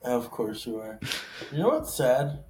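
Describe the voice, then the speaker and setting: A man's voice: medium pitch, huge pitch swings, unhurried, a little mellow. Laid-back, teasing man. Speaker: podcast co-host. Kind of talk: casual chat.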